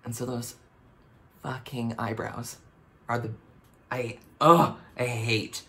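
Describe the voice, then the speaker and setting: A young Canadian man with a Canadian accent, reacting to his old TV show in animated, self-mocking casual commentary. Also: mid-range voice, slow pace, creaky.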